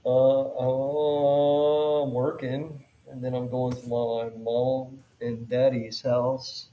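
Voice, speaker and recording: A man's voice: mid-range voice, level tone, slow, phone-quality sound, slight background noise. A man chatting casually as a guest, laid-back and joking. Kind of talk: casual chat.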